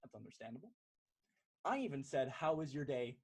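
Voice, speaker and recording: A man with a slightly husky voice performs stand-up comedy over a video call. His delivery is animated and mock-exasperated, with a pitch that swings widely as he plays out everyday exchanges. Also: brisk.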